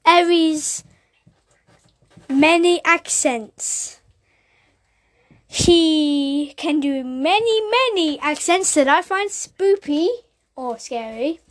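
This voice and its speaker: A woman's voice: high-pitched, lively intonation, extremely slow, long pauses, no echo. A woman hosting a casual chat, offhand and giggly, often trailing off. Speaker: host.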